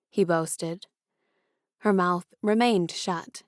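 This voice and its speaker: A woman's voice: medium pitch, unhurried, no room sound. Woman narrating an audiobook, dry close sound.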